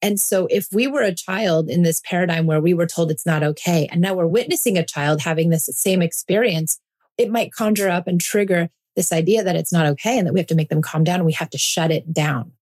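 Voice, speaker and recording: Earnest woman with a low voice. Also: brisk, a little mellow. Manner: earnest, reassuring, coaching tone. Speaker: parenting podcast host. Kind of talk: reflective podcast monologue.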